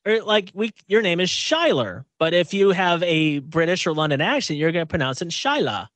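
Man, podcast co-host, fairly high voice, dry studio sound. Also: brisk, fairly bright tone, no room sound. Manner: chatty, laughs often, stumbles over words. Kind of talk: casual chat.

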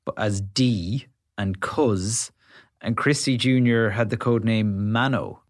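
A man's voice: lowish voice, takes it slowly, dry recording, studio quality. A man hosting a podcast interview, asking curious, probing questions. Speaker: podcast host.

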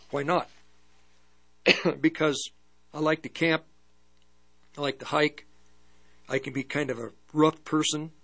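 An older man preaching and telling a personal testimony in a halting storytelling way, with many restarts. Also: a little high, steady tone, gravelly, a bit bright. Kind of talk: testimony sermon.

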